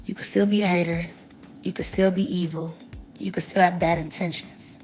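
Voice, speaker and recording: A woman's voice: on the low side, steady tone, normal speed, darkish tone, faint music behind. A woman in a heated, profane rant, cursing and lecturing in a casual way.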